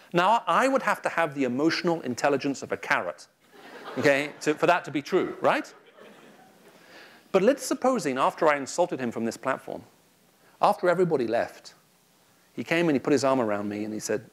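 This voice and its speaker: A man's voice: fairly high pitch, brisk, long pauses. A man giving a public Christian talk to a live audience, telling stories with humor. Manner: lively storytelling with humor. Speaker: Christian speaker addressing an audience.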